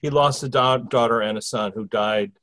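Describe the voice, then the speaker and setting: A man's voice: mid-range voice, normal speed, fairly bright tone. A man hosting a conversation, asking long wandering questions full of restarts. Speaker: host interviewing a spirit through a medium. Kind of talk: casual interview talk.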